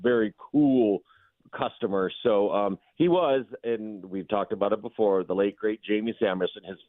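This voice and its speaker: A man giving quick, animated opinions as a guest on a sports radio show. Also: on the low side, no echo. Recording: thin phone-line sound.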